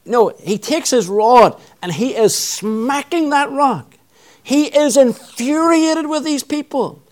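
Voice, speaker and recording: High-voiced man preaching a sermon. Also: takes it slowly. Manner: reads scripture aloud, then preaches with swings from loud intensity to hushed appeals.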